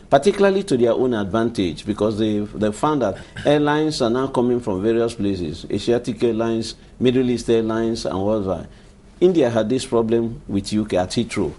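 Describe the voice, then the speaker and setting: A man's voice: mid-range voice, mellow. A Nigerian man answering as an aviation expert guest in a studio interview, explaining emphatically and often repeating himself.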